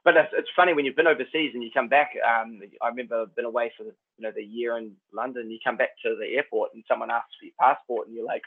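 A man's voice: medium pitch, fairly even intonation, quick pace, hardly any pauses. Laid-back Kiwi man on a tinny line. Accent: New Zealand. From New Zealand. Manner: laid-back, rambling, says "man" and "like" a lot. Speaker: actor, guest. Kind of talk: casual chat.

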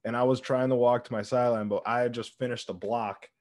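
A man's voice: medium pitch, flat delivery, quick pace, darkish tone. A young man co-hosting a podcast, telling stories in a laid-back, casual way. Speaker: podcast co-host. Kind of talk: casual chat.

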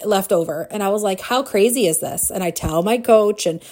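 A woman in her forties hosting a podcast, telling a personal story in a casual, animated way, with frequent laughs and fillers. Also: medium pitch, moderate pace. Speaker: podcast host.

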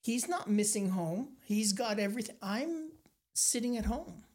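An older woman from Nova Scotia, a guest telling animated stories in an interview, acting out the people she quotes. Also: medium pitch, measured pace. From Nova Scotia, Canada. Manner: animated anecdotes, acts out quoted voices. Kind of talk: storytelling interview.

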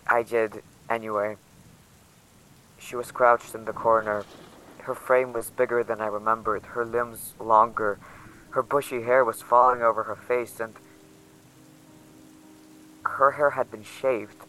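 A man narrating in the first person as a frightened young survivor, quiet and tense. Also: medium pitch, level tone, a little slow, long pauses, rough recording. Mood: shaken. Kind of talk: audio drama narration.

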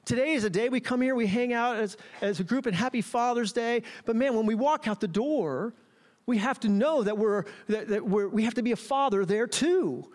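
A man's voice: extremely high pitch, normal speed, darkish tone. A middle-aged man, a pastor, gives a playful sermon and talks straight to the congregation.

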